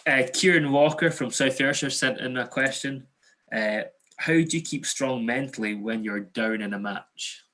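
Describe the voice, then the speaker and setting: Man, interviewer, reads questions, hesitant, bright voice. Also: medium pitch, normal speed. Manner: hesitant, starts with "uh". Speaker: interviewer reading viewer questions. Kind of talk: reading out viewer questions.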